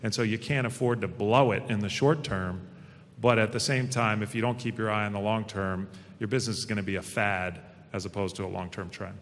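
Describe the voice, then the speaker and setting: A middle-aged stock exchange president, a panel guest at a fireside chat in an event hall, tells stories in a folksy, confident way. His voice sits on the low side with fairly even intonation and a slightly fast pace, under long hall reverb.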